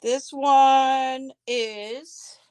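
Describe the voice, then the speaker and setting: Woman, live-stream auction seller, unhurried chatty delivery, slightly high voice. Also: steady tone, darkish tone, clean tone, no room sound. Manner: chatty, answers viewer comments by name; describes items aloud as she handles them. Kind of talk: casual live-stream selling.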